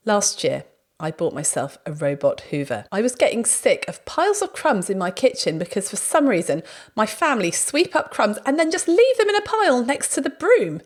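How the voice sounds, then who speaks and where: A woman hosting a podcast, telling anecdotes in a lively, casual way. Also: medium pitch. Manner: lively storytelling, acts out quoted speech. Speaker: podcast host.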